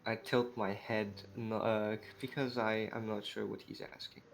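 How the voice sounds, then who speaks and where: A man's voice: on the low side, level tone, moderate pace, gravelly, faint music behind. A man talking as a player in an online tabletop role-playing game, hesitant and full of fillers. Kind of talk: tabletop role-play chat.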